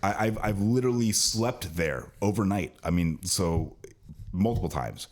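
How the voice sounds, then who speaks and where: A low-pitched, slightly mellow voice with lively intonation carries this California co-host's extended rant about his car dealership service job. He speaks at a normal speed on the casual podcast, often backing up to restart.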